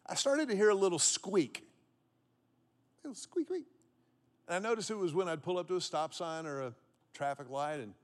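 A man's voice: sits high, fairly bright tone. A man in his fifties from Texas, preaching a sermon to a congregation and repeating key phrases for emphasis. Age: 50s. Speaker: pastor. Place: church auditorium with congregation.

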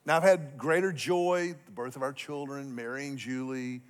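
A middle-aged man preaching a sermon as a pastor, telling a story with humor and animated swings between loud and soft. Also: mid-range voice, moderate pace, a little hiss or hum.

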